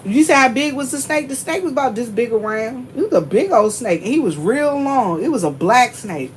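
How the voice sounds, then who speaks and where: A woman with a Southern US accent, chatting to her viewers in an animated, storytelling way and laughing often. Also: a little high, normal speed, a little hiss or hum, rough recording. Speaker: vlogger.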